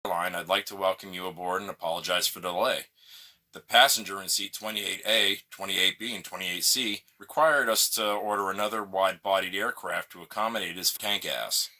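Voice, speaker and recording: A man voicing a smug male airline captain making a slow, drawn-out cabin announcement. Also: deep voice, pushed and bright, voice pushed down.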